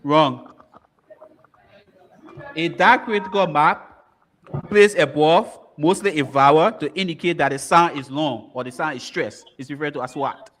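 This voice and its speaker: A man's voice: a little high, moderate pace, a bit bright. A man with a Liberian English accent moderating a school quiz bowl, reading questions and repeating commands to hurry contestants.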